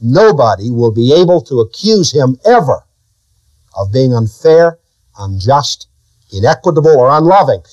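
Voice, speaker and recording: Very animated and darkish in tone, this male preacher speaks at normal speed on a dull recording with no echo. His sermon is full of questions aimed at the congregation, and his pitch leaps up and falls away abruptly to stress his points.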